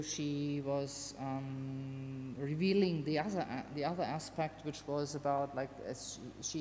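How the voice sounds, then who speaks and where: A woman giving a casual, halting presentation of a radio art project, with many fillers. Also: very deep voice, a little mellow. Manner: hesitant, many fillers and restarts. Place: venue hall. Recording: long hall reverb, faint background noise.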